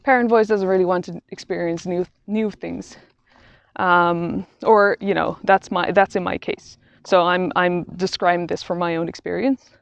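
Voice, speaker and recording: A woman talking through a reflective vlog while out on a quiet walk in nature, halting and thoughtful, often restarting her sentences. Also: on the low side, fairly even intonation, creaky, no room sound. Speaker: vlogger. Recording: dull, slightly lo-fi sound.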